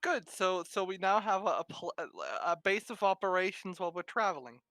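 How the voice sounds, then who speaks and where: A woman playing a tabletop game who talks in a measured way and thinks aloud. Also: medium pitch, fairly even intonation, a bit bright, no room sound. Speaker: player. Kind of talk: casual tabletop play.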